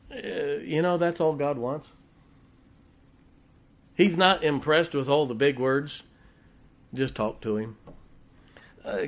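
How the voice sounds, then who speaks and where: A preacher delivers a folksy sermon. His voice sits at a mid pitch and swings from hushed asides to loud, emphatic scripture reading. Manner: folksy, emphatic, reads scripture aloud with rising force.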